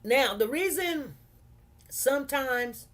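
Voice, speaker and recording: A woman's voice: sits high, lively intonation, takes it slowly, fairly bright tone. A middle-aged woman with a Chicago accent chatting casually to her livestream viewers, repeating herself and talking straight to the audience. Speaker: livestream host.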